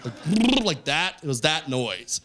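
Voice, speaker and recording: A man in his forties from Canada, performing stand-up on stage, telling stories animatedly and jumping into loud, high character voices. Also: sing-song, slow pace. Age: 40s. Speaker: stand-up comedian. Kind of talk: stand-up storytelling. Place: stage of a comedy show.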